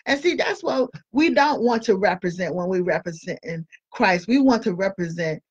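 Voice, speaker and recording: A woman's voice: medium pitch, expressive, normal speed, few pauses, breathy edge, lo-fi sound. A woman giving an informal Christian encouragement talk in an earnest, conversational way, often repeating words as she goes. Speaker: Christian speaker and school board candidate.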